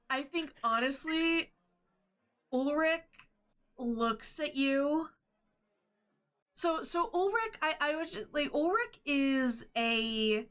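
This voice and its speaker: A woman's voice: high voice, a bit bright. A woman running a tabletop game as game master, narrating in a rambling, hesitant way with many fillers. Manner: rambling, hesitant, laughs often.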